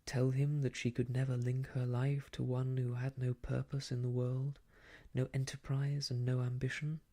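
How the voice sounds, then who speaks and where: Soft asmr story reading, man with a husky dark voice, flat and hushed. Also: medium pitch. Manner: slow, hushed, drifting into whisper. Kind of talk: soft-spoken ASMR reading of an old novel.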